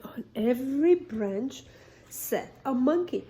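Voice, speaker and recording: A woman preschool teacher reading a picture book aloud to toddlers, animated, with gasps and sudden whispers. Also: on the high side, takes it slowly, long pauses. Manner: animated, gasping, dropping to whispers.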